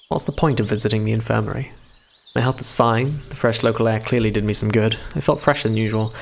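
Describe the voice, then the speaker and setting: A man's voice: on the low side, vocal fry. Irreverent male streamer reading aloud. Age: 20s. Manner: irreverent, crude asides between reading. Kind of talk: reading a visual novel aloud live.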